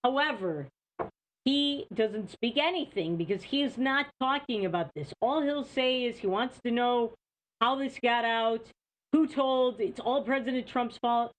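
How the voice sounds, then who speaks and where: A woman's voice: a little high, measured pace, poor audio. Indignant woman hosting a talk show. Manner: indignant, rhetorical questions. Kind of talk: opinionated political commentary.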